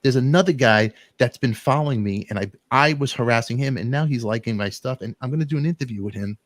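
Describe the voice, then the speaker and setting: A middle-aged man hosting a talk show, rambling through animated, emotional storytelling and quoting friends. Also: medium pitch, fast, no echo. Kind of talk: emotional casual chat.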